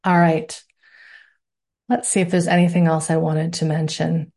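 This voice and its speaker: A woman's voice: sits low, level tone, normal speed, warm tone. A woman instructor talking to her students in a live online class, with a playful, reassuring manner. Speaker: course instructor.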